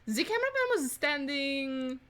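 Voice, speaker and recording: A woman's voice: sits high, very animated, normal speed, fairly bright tone. A woman voicing a prim, courteous giraffe housemaid in a video game, with a put-on French accent. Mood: polite. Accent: mock French. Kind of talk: let's play dialogue reading.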